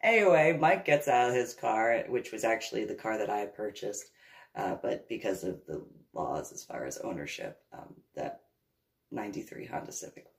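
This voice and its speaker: A woman casually telling a long personal story in a rambling, animated way, with laughs and restarts along the way. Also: rumbling low, moderate pace, vocal fry.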